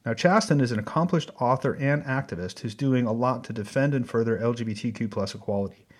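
A man's voice: mid-range voice, fast talker. Man hosting a news feature. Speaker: news show host. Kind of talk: scripted news narration.

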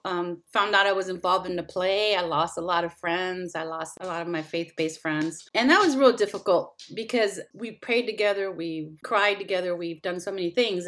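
A middle-aged woman telling a heartfelt personal story as a guest in a conversation, acting out quoted dialogue with animation. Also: mid-range voice. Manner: earnest, heartfelt, animated when retelling dialogue.

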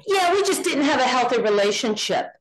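Animated woman telling family stories. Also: high voice, a little fast, poor audio. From Northern California. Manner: animated storyteller, acts out quoted dialogue. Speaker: guest, contractor. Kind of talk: casual storytelling interview.

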